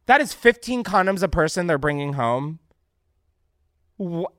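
A man hosting a comedic podcast, reacting loudly to what he reads, swearing freely and laughing often. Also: fairly high pitch, lively intonation, unhurried, long pauses, dry recording, studio quality. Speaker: podcast host.

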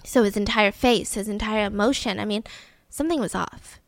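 A young woman casually telling a true crime story as a podcast host, animated and acting out the people in it. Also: medium pitch, fairly quick, dry recording. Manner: animated, acts out quoted people with voices.

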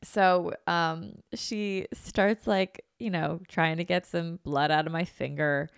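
Young woman host, casual chatty storyteller, low gravelly voice, dry close mic. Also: fairly even intonation, takes it slowly, no echo. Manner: chatty, self-dramatizing storytelling with many "like"s. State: recovering from illness. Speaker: podcast host. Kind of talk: casual chat.

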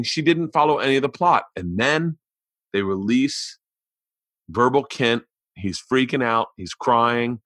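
A man in his forties, a comedian hosting his podcast, telling stories in a profane, animated, exasperated way and reading an ad. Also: mid-range voice, measured pace, dry recording. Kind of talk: casual storytelling and ad read.

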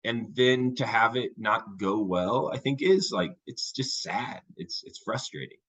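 A man co-hosting a casual podcast chat, talking in a thoughtful, measured way with frequent fillers and restarts. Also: mid-range voice, fairly bright tone, breathy edge, low-quality recording. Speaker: podcast co-host.

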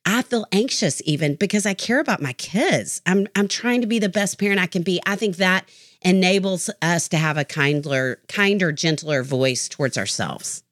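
A woman's voice: on the low side, lively intonation, moderate pace, no room sound, studio quality. A middle-aged woman therapist, a podcast guest, talking in an earnest, reflective way and telling stories. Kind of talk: podcast interview conversation.

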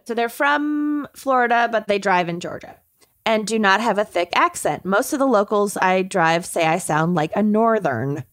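Female co-host, casual chat, laughs a lot, mid-pitched, dry close-miked sound. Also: lively intonation, moderate pace, no echo. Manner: laughs often, swears casually. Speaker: podcast co-host reading listener confessions.

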